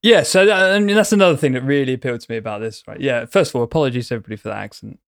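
A man chats casually, rambling and playful, spinning vivid word pictures as he goes. His voice sits at a middle pitch. It is recorded close and dry, with no room sound. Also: rapid-fire, gravelly, no echo. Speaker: podcast co-host. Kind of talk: casual chat.

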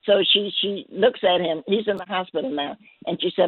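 A woman guest telling a gentle story on a call-in show, halting and repeating her words. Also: on the low side, breathy edge, no room sound. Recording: dry tinny phone line.

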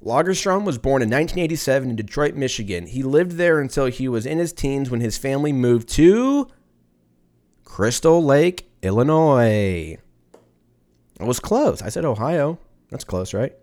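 A man's voice: mid-range voice, big pitch swings, fairly quick, a little mellow. A man in his thirties hosting a podcast on his own, rambling, swearing casually and laughing at his own jokes. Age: 30s. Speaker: podcast host. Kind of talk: casual solo podcast chat.

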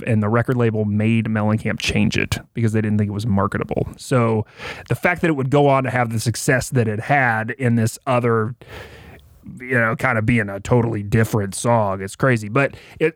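A man's voice: mid-range voice, brisk, no echo, clean studio sound. A man talking casually as a podcast guest, telling music history stories with lots of fillers and restarts. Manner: animated storyteller, fillers and restarts.

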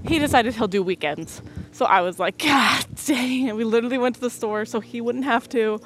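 Young woman telling a sarcastic story. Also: brisk. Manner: animated, sarcastic, laughs often. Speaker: podcast host. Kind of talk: casual storytelling monologue. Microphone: low-quality mic. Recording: noisy low-quality home recording.

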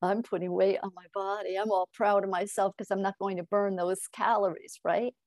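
A middle-aged woman speaking as a hypnotist guest in a podcast interview. She tells animated stories, acts out both sides of conversations and keeps asking "right?". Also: medium pitch, normal speed, no room sound. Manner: animated storyteller acting out dialogue, frequent "right?".

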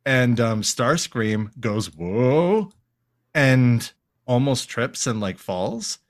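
A man's voice: medium pitch, slow. A man co-hosting a podcast, casually recapping a cartoon episode with jokes and silly put-on voices. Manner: animated, jokey, acts out lines in silly voices. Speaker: podcast co-host.

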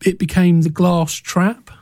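A man co-hosting a casual film podcast, reading out trivia in a relaxed way with small restarts. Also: high voice, unhurried, dry recording. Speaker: podcast co-host.

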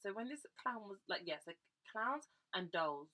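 A young woman co-hosting a podcast, chatting casually and telling animated stories with quick asides. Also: medium pitch, rough recording. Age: young adult. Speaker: podcast co-host. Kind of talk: casual chat.

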